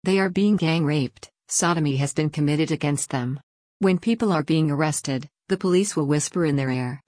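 A woman narrating a scripted news report in an even, formal read-out manner. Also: low voice, moderate pace, no echo, studio quality.

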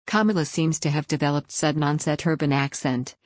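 Low-voiced woman reading news. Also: fairly quick, no echo. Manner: even, read-aloud delivery. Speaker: news reader. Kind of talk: scripted news narration.

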